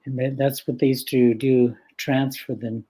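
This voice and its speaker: An older man from the west coast of Vancouver Island, a guest storyteller telling stories in an unhurried, gentle way with frequent laughter. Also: medium pitch, flat delivery, breathy edge, low-quality recording. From west coast of Vancouver Island, Canada. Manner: unhurried and gentle, laughs often between phrases. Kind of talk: casual spoken storytelling.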